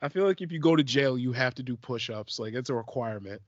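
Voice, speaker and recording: A man's voice: medium pitch, fast talker, dry recording. A young man co-hosting a podcast in casual chat, teasing and joking with crude swears. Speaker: podcast co-host. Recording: dull, dry, lo-fi podcast mic.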